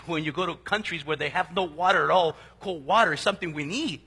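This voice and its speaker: Husky, animated preacher in a reverberant hall. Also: male voice, fairly high pitch, a little fast. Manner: animated preaching with sudden loud and soft swings. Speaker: pastor. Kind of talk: sermon.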